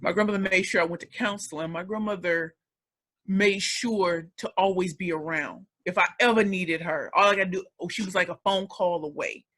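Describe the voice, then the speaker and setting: A woman's voice: lowish voice, steady tone, moderate pace, a bit bright. A woman in her forties from the St. Louis area, telling her life story as an emotional, emphatic interview guest. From St. Louis area, United States. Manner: emphatic and emotional, with many repeats. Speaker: guest, speaker.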